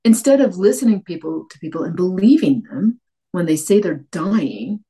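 Low-voiced woman author from Cape Breton. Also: normal speed, slightly rough. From Cape Breton, Canada. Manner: animated, many restarts and acted-out quotes. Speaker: author guest. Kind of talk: conversational interview.

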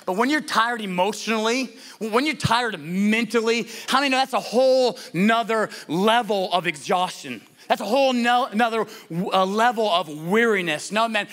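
A man with a high, bright, forceful voice preaches a sermon. He talks in a conversational way, restarting phrases and asking the congregation rhetorical questions. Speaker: pastor.

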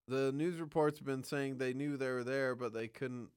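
A man hosting a podcast trades quick, skeptical remarks in casual chat, laughing easily. His voice sits at a middle pitch. The sound is dry and close to the mic. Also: steady tone, clean tone, dry recording. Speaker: podcast host.

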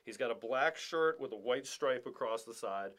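A young man co-hosting a podcast, telling a story in a casual, animated way and swearing freely. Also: medium pitch, normal speed. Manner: animated, swears a lot, acts out quotes. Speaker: podcast co-host.

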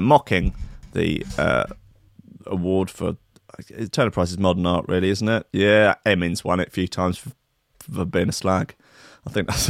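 A man's voice: lowish voice, fairly bright tone, no room sound, clean studio sound. A man on a live stream, chatting casually and reading news aloud in a sweary, jokey, rambling way.

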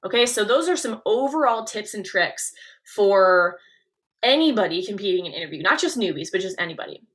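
A young woman from Nebraska hosting a coaching podcast, talking in an energetic, leaning-in way with emphatic stresses. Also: medium pitch, fairly quick. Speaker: podcast host and pageant coach.

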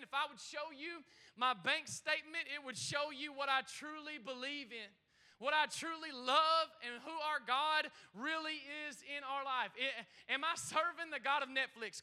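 Male pastor, 30s, energetic sermon to a congregation; high, piercing bright voice, stutter-starts and repeated call-outs.

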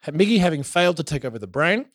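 A man's voice: on the high side, racing, dry recording, clean studio sound. A man from Australia casually recapping a show as podcast co-host, telling it with energy and swearing. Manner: animated storytelling with swearing.

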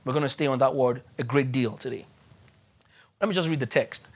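A man preaching a sermon, repeating key words for emphasis and spelling out terms slowly. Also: mid-range voice.

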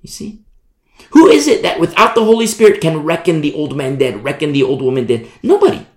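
A preacher delivering an animated Bible-study sermon, often breaking off to ask the listeners "You see?". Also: medium pitch, fast talker. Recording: echoey room.

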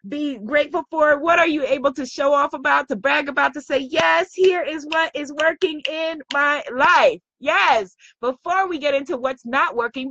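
A high-voiced woman hosts a spiritual live stream, her talk effusive and affirming, repeating her words for emphasis. The sound is dry and close, a little dull like home streaming audio. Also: pushed and bright, dry recording. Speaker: host of a live online goddess gathering.

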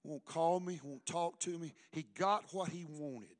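A middle-aged man preaching a sermon as pastor, swinging between loud calls and hushed asides. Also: on the high side, measured pace.

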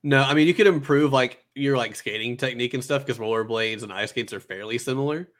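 A man in casual chat, relaxed and agreeable, rambling through ideas with fillers. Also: mid-range voice, fairly quick. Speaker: co-host brainstorming an anime.

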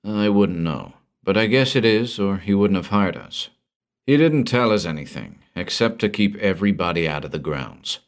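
A man reading a story aloud, voicing a tough hired bodyguard who talks bluntly in a gruff, raspy way. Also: low-pitched, expressive, normal speed. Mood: offhand.

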